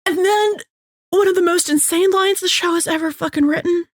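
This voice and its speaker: A woman's voice: extremely high pitch, brisk, no echo, clean studio sound. A woman co-hosting a casual podcast chat, animatedly recapping a TV episode, acting out characters' lines and swearing freely. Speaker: podcast co-host.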